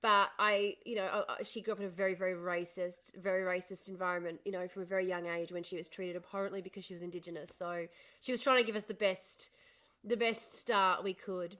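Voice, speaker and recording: Woman, posh Australian accent, bright voice, middle-aged, chatty livestream host, answers comments. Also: fairly low pitch, steady tone, brisk. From northern Australia. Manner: chatty, reads and answers comments, laughs often. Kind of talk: casual livestream chat.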